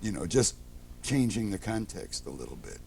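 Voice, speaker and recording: A man being interviewed, telling relaxed anecdotes and acting out the people in them. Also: on the low side, moderate pace, vocal fry, a little hiss or hum. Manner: animated, acts out quoted people. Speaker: interview guest, theater producer.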